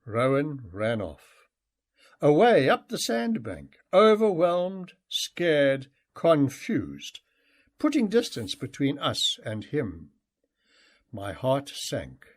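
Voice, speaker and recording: A man narrating a memoir audiobook in an expressive storytelling manner. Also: mid-range voice, takes it slowly. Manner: expressive, acts out shouted and excited dialogue.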